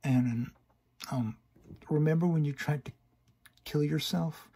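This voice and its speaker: A man voicing a nightmarish false female pony who pleads softly and hesitantly, with stammers, in a raised, husky voice. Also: on the high side, a little slow, pitched above the performer's own voice. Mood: pleading.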